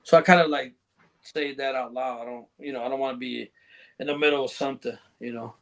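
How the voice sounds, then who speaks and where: A man's voice: medium pitch, steady tone, fairly quick, fairly bright tone. A man on a podcast as a guest, telling rambling, profane anecdotes in casual chat and laughing along.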